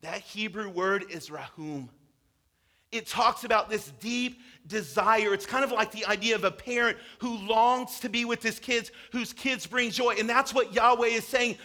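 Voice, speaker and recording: A man's voice: high voice, a little slow, sharp tone. A pastor preaching a sermon in a conversational, emphatic way, acting out the quotes he tells.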